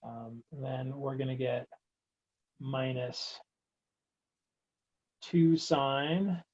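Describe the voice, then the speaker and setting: A man's voice: mid-range voice, drawn-out words, a little mellow, breathy edge, lo-fi sound. A man teaching a recorded math lecture, working through steps aloud in a casual, wry way. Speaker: math instructor.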